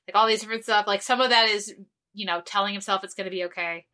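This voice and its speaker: A woman's voice: mid-range voice, steady tone, fast talker, sharp tone. A woman co-hosting a podcast in casual chat, rambling and earnest with lots of fillers and restarts. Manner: earnest, easily moved. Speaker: podcast co-host.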